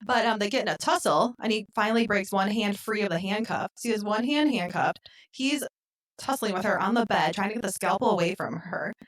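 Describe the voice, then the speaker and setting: A woman co-hosting a podcast, retelling a film in casual chat and acting out the characters' lines with lively swings. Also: medium pitch, fairly quick. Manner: animated retelling, acts out quotes. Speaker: podcast co-host. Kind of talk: casual movie recap chat.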